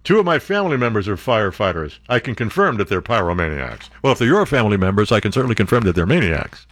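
A man's voice: lowish voice, very animated, quick pace, a bit bright, no room sound. A man hosting a talk radio show, sarcastic and rambling, laughing at his own jokes from a studio.

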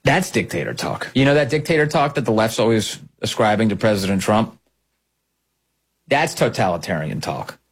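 Husky man delivering emphatic commentary. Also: fairly low pitch, very animated, moderate pace. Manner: emphatic, scornful, repeats phrases for effect. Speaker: political commentary host. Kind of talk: political commentary monologue.

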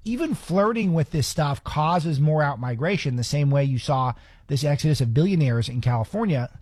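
A man hosting a political talk show, delivering sarcastic, opinionated commentary in a rapid-fire rant. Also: a little high, expressive, a little mellow, no room sound.

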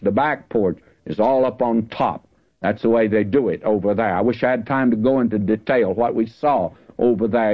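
A man teaching the Bible in a folksy, conversational sermon, slowing down to stress the verses he reads. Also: mid-range voice. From Southern California. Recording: dull lo-fi radio broadcast.

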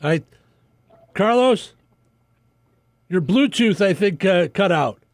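Man, radio host, high lively voice, dry studio sound, laughs a lot. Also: slow pace, dry recording. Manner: laughs often, reads plugs with fillers. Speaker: radio morning show host. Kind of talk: casual radio interview.

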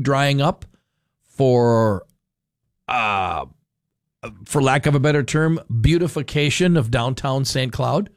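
A man's voice: mid-range voice, measured pace, pauses often, no room sound. Male radio host, opinionated and sarcastic, dry studio read. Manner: opinionated, sarcastic, many fillers. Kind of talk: casual political talk radio. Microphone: studio microphone.

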